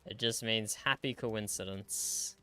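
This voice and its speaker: A man's voice: lowish voice, steady tone, slow, sharp tone. A man streaming a video game, chatting in a dry, matter-of-fact way and chuckling often. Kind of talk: casual gaming livestream chat.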